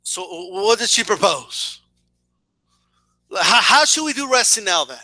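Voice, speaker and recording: A man with a high, very bright voice rants to his camera, sarcastic and swearing freely. He stumbles and repeats himself as he builds steam. The sound is dry and close, with almost no room echo. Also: big pitch swings, unhurried. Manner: sarcastic, profane, repeats words when worked up. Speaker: boxing and wrestling commentator. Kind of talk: casual video rant.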